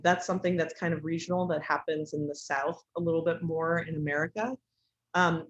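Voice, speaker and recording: Low-voiced woman teaching casually. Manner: casual, many fillers like um and like. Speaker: instructor. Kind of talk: online class lecture. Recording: dull lo-fi recording.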